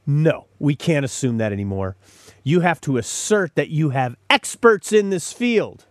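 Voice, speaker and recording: A male podcast host delivers a sarcastic, opinionated commentary monologue, mocking as he mimics callers and corporate statements. His voice is on the high side and animated, and he speaks unhurriedly. The recording is dry, with clean studio sound.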